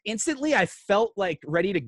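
A young man telling a story in a casual podcast chat, animated, swearing often and restarting his sentences. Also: sits high, brisk, dry recording.

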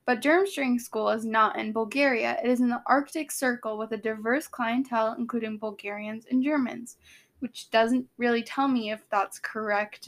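Playful woman co-hosting a casual chat. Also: fairly high pitch. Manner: playful, teasing, laughs easily. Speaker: co-host.

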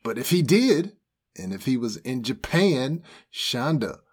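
A man's voice: medium pitch, big pitch swings, unhurried, darkish tone, slightly rough. A man hosting a casual podcast chat, steering the topics along. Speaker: podcast host.

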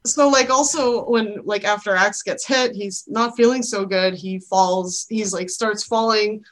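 A woman's voice: medium pitch, measured pace. A woman co-hosting a podcast, talking in casual chat, emphatic and swearing freely. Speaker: podcast co-host.

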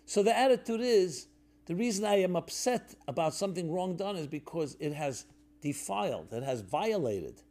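A man giving a reflective sermon-style talk, conversational with fillers and restarts, dropping to a soft low voice when telling stories. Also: sing-song, moderate pace.

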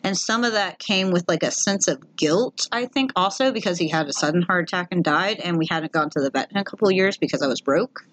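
A woman co-hosting a casual podcast chat, telling stories animatedly and jumping high when she acts out quotes. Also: brisk, hardly any pauses, fairly bright tone, poor audio.

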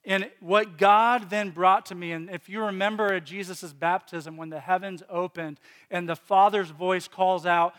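A pastor from Virginia delivers a heartfelt sermon, sharing personal struggles with many restarts and repetitions. His voice sits high for a man. It carries with a long reverb through a large church hall. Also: steady tone, normal speed, hardly any pauses, fairly bright tone, clear, resonant tone. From Virginia, USA.

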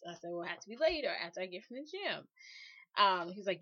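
A woman in casual conversation, spinning an anecdote with lively quoted exchanges. Her voice sits at an ordinary middle pitch. The recording is a little dull and lo-fi. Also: fast talker. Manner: animated, quotes both sides of a chat. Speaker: podcast co-host telling a story. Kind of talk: casual storytelling chat.

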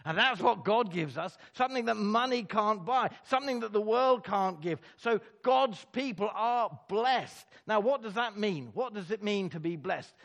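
A man preaching a sermon, emphatic, with dramatic pauses and words repeated for effect. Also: sits high, expressive, a bit bright.

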